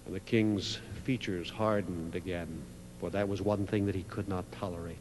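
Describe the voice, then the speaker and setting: Brief: slow-paced male preacher storytelling from the pulpit, dramatic swings in volume, hall echo with low hum. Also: steady tone. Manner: slow, dramatic, swelling from hush to loud. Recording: reverberant hall with faint mains hum.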